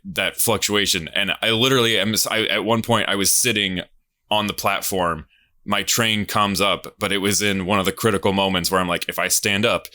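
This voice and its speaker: A man's voice: on the low side, steady tone, moderate pace, pushed and bright. A man in his thirties casually telling a long, rambling anecdote as a game show contestant, full of fillers and restarts. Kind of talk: casual storytelling.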